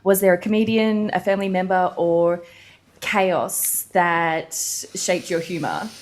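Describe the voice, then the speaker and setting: A woman's voice: on the low side, measured pace. A woman hosting a podcast, interviewing a guest with encouraging interjections and questions. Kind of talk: casual interview chat.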